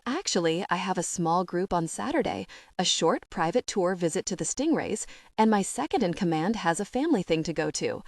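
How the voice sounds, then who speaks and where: A woman's voice: lowish voice, expressive, a little fast, dry recording. Woman reading upbeat beach-shop owner, friendly and easygoing, audiobook dialogue, dry close sound. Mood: cheery. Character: cheery easygoing man, surf shop owner.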